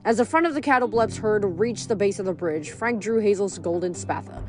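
A woman's voice: mid-range voice, fairly quick. Woman reading a novel aloud. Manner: steady storytelling narration with dramatic emphasis. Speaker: reader.

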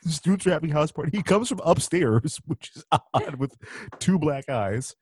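A man's voice: fairly high pitch, animated, normal speed, breathy edge, dry recording. A man co-hosting a casual podcast about a movie, chatty, laughing often and swearing freely. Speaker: podcast co-host.

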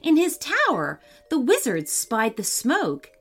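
A woman reading a children's story aloud as scripted narration, in an expressive storytelling manner. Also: high voice, slow. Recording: faint music under the voice.

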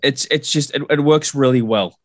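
An Australian man guesting on a movie podcast, talking eagerly and tripping over his words. His voice sits at a mid pitch, and the recording is dry and close, with no room sound. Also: moderate pace, dry recording. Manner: stammering, repeats words, enthusiastic. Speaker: guest co-host. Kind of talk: casual movie podcast chat.

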